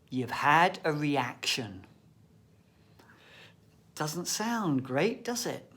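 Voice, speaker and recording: A man giving a reflective thought-for-the-day talk, telling stories expressively and sometimes dropping to a whisper. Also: sits high. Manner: slow, expressive storyteller, often drops to a whisper. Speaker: shamanic practitioner and storyteller.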